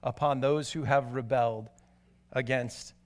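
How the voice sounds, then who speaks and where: A man preaching a sermon, telling stories animatedly and moving from excited to hushed and grave. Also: mid-range voice, measured pace. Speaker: pastor.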